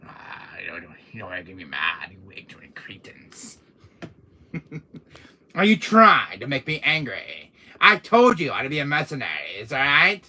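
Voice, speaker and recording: A man's voice: sits low, unhurried, pauses often, sharp tone, husky, full character voice. A man playing a vain, menacing male game villain who boasts, curses and slips into whispers during a live stream. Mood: arrogant. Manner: boastful, cursing, drops into whispers. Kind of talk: in-character live stream, toy pick-up.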